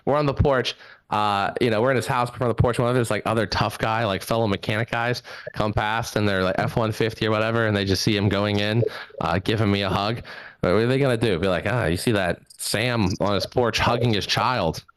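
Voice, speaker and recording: A man's voice: lowish voice, fairly even intonation, quick pace, clean tone, no room sound. A young man doing a stand-up set over a video call from a home microphone, rambling loosely and laughing at his own jokes. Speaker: stand-up comedian.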